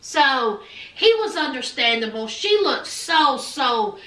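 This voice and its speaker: A woman's voice: high voice, sing-song, takes it slowly, fairly bright tone. A woman recapping a reality TV episode in a sassy, chatty way, with teasing asides to her viewers. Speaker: TV recap vlogger. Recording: echoey room, far from the mic.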